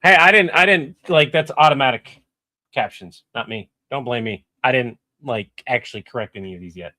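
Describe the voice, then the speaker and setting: A man's voice: mid-range voice, normal speed, bright, forceful tone, no room sound. Rambling, self-critical man on a live stream. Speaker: voice actor and video editor. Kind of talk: casual live-stream chat while editing.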